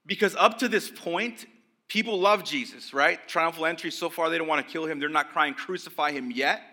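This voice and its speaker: A young adult man preaching a sermon as pastor, casual and conversational, with lots of "like" and quick asides to the congregation. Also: on the high side. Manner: conversational, animated, acts out voices of religious leaders.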